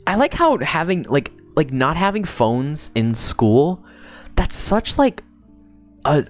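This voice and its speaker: A young adult woman rambles through a casual livestream, profane and quick to laugh. Her pitch is lively and jumps around a lot. Quiet music plays faintly behind her. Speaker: streamer.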